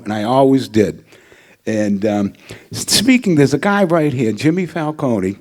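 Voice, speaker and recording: A man's voice: medium pitch, lively intonation, normal speed, darkish tone. An older man giving a hall of fame acceptance speech at a podium microphone, telling joking stories and anecdotes. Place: ceremony hall.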